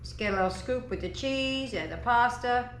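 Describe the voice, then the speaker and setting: A woman's voice: a little high, expressive, moderate pace, a bit bright, roomy sound, a little hiss or hum. A woman hosting a casual home cooking vlog from her dining table, upbeat and chatty as she gets her family to taste the meal. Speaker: cooking channel host.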